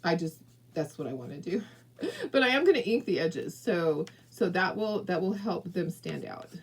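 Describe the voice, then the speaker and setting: A woman's voice: lowish voice, animated, moderate pace, breathy edge, low-quality recording. A woman from southern California hosting a casual crafting livestream, chatty and encouraging, talking straight to viewers and laughing often. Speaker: craft video host.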